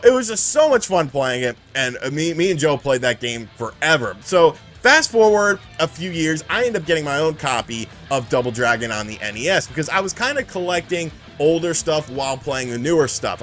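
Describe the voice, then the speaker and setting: A man casually telling a profane, animated story about retro video games, acting out the people in it. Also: fairly high pitch. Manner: profane, animated, acts out the people in his stories. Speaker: channel host.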